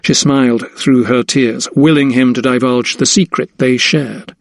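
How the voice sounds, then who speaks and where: A man reading an audiobook as narrator, in measured storytelling. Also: mid-range voice, steady tone, creaky, no room sound, clean studio sound. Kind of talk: scripted narration.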